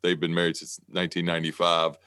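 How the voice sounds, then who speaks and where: A man hosting a podcast, speaking in a halting, hesitant way with many restarts. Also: low voice, monotone, bright, forceful tone, smooth, no echo, studio quality. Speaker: podcast host. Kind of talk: casual interview conversation.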